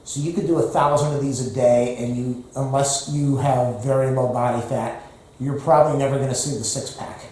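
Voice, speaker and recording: A man's voice: medium pitch, fairly even intonation, moderate pace, darkish tone, slight background noise. A man who is out of breath, counting exercise reps aloud between groans and rambling asides to the camera. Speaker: fitness vlogger. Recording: very echoey room.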